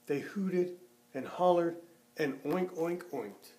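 A man reading a children's picture book aloud, expressive, lifting his voice for the characters and dropping low and soft at the ends of sentences. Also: unhurried. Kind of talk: storybook read-aloud.

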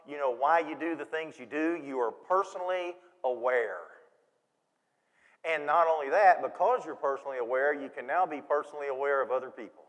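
A man preaching a sermon in a church, folksy and animated, acting out quoted voices. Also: on the high side. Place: church sanctuary. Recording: long reverb of a church hall.

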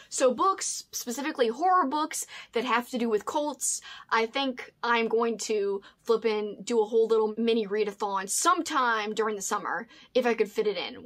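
A woman's voice: on the high side, fairly bright tone. A woman hosting a casual book vlog, chatty and rambling with lots of asides. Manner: chatty, rambling, says "flippin'" often. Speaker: host.

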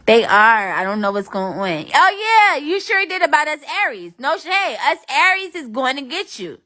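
Brash high-voiced woman livestreamer. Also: very animated, moderate pace, pushed and bright. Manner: brash, profane trash talk. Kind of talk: casual livestream chat with viewers.

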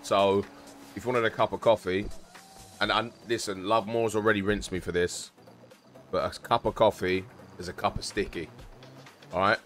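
A South East London man with a London accent chats casually with his stream viewers, rambling and explaining things with some swearing. His voice is fairly low and steady with a fairly bright tone, at a normal speed with frequent pauses, and faint music plays behind him.

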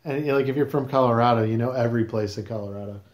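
A man's voice: mid-range voice, rapid-fire, a little mellow, echoey room. A man hosting a casual podcast, questioning his guest in a teasing, mock-serious way. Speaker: podcast host.

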